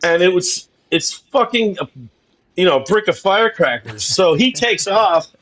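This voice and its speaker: A man's voice: sits high, sing-song, moderate pace, a bit bright, low-quality recording. A man guesting on a comedy podcast, telling a story in a loose, rambling way and laughing through it as he goes.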